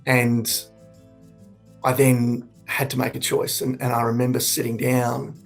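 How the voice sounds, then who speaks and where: Man, 40s, suicide prevention speaker; earnest, reflective, slightly gravelly, mid-pitched. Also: flat delivery, faint music behind. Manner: reflective, earnest, halting with restarts. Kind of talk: candid personal testimony.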